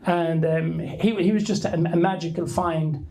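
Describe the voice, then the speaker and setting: A man's voice: a little high, steady tone, unhurried, vocal fry, dark tone, low-quality recording. A middle-aged Irish man telling a rambling, anecdotal story to an audience at a book launch, often restarting his sentences. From Ireland. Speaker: author giving a talk.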